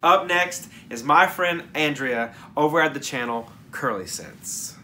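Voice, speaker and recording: A man's voice: on the high side, a little slow, background noise. A man hosting his own fragrance review channel, talking to camera in a casual, enthusiastic and rambling, off-the-cuff way. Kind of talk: casual vlog talk to camera.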